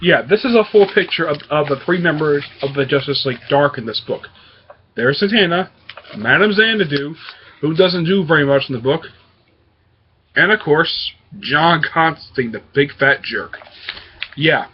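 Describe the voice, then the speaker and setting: A man's voice: a little high, expressive, moderate pace, highs cut off, slight background noise. A man hosting his own comic book review show, talking casually and hesitantly with lots of fillers. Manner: rambling, hesitant with many fillers.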